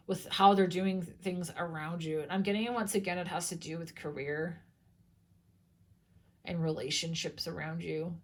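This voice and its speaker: A young woman giving a casual tarot reading, chatty and loose, swearing freely and restarting her sentences often. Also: on the low side. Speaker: tarot reader.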